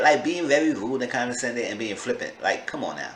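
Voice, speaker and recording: A man giving a casual, animated recap as a show reviewer, sassy and acting out the quotes. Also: mid-range voice, fast talker, few pauses, roomy sound.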